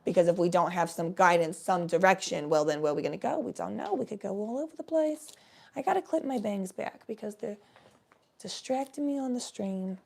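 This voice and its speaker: A woman's voice: mid-range voice, a little fast, gravelly, a little mellow. A woman chatting casually on a live stream, giving a tarot reading in a rambling, swearing way.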